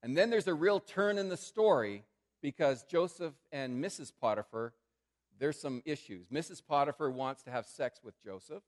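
A man preaching a sermon in a conversational way, calling his listeners friends and swinging between loud emphatic phrases and quiet, hushed asides. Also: fairly high pitch, animated, moderate pace. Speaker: pastor.

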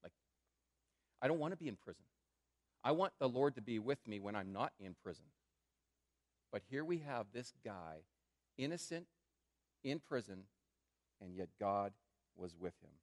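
A man preaching a sermon in a conversational way, calling his listeners friends and swinging between loud emphatic phrases and quiet, hushed asides. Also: lowish voice, animated, moderate pace, long pauses. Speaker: pastor.

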